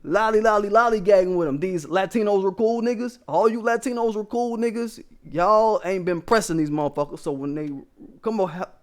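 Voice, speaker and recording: A man's voice: sits high, fairly quick. A man vlogging a casual story to his viewers, emphatic and profane, often checking in with them.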